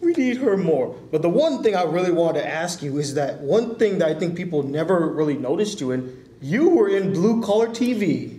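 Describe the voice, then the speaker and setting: A man interviewing a guest in a casual, amateur style, chatty and excitable like a fan, with lots of "like" in his speech. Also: on the high side, normal speed, reverberant.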